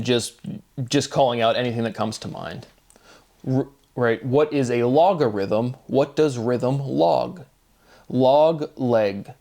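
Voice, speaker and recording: A man's voice: medium pitch, darkish tone. A man thinking aloud in an unscripted solo monologue, rambling through free-associating wordplay and often checking in with "right?". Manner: thinking aloud with fillers and restarts. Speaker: host of a self-made video series.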